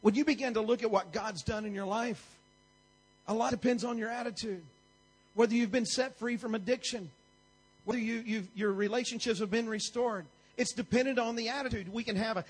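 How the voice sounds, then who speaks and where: A man's voice: high-pitched, fairly quick, breathy edge, rough recording. A man preaching a sermon in a church, with an emphatic, repetitive preaching cadence.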